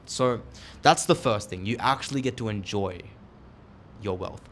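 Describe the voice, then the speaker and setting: A man's voice: on the low side, a little slow, fairly bright tone, slight background noise. Young man giving an emphatic motivational talk. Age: 20s. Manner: emphatic, candid, casual. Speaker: online entrepreneur vlogger. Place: seated indoors, filming himself.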